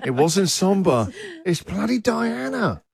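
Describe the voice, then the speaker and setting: A man's voice: sits high, slow pace, vocal fry, over music. A man from England hosting breakfast radio, laughing and bantering with co-hosts. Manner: lively, laughing often. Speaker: radio host.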